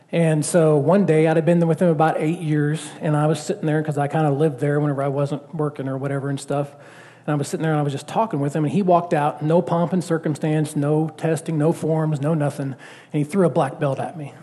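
Mellow-voiced preacher in a reverberant hall. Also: male voice, on the high side, fairly quick. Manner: conversational, animated, full of rhetorical questions. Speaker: pastor. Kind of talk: sermon. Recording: long reverb of a church hall.

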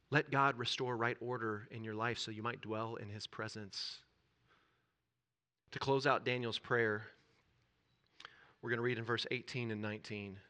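Male pastor, bright tone, fervent repetitive sermon delivery in a church. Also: medium pitch. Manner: preaching with rising intensity, repeating phrases.

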